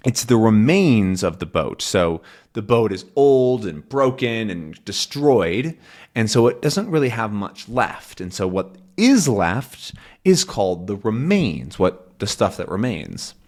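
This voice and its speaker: Slow, patient male English teacher. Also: lowish voice, big pitch swings, darkish tone. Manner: patient, repeats and rephrases, checks with "right?". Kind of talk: slow explanation for language learners.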